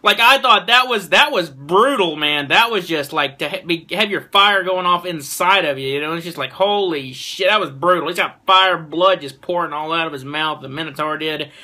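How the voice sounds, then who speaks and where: A man giving a casual anime episode review, excitable and swearing freely as he retells a fight. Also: a little high, normal speed, few pauses.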